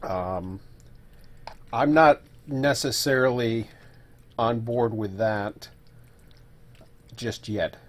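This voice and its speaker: A man's voice: medium pitch, drawn-out words, long pauses. A man casually talking through a solo live stream, thinking aloud with fillers and self-corrections, sometimes while eating.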